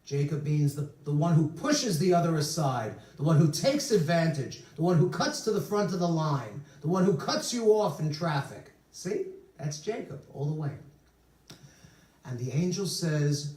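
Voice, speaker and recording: A man preaching as a rabbi, telling stories and slipping in jokes. His voice sits somewhat high and swings widely in pitch. He is recorded from across a roomy, echoing synagogue sanctuary. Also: sing-song, moderate pace, darkish tone, distant mic. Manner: storytelling with humorous asides. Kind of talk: sermon.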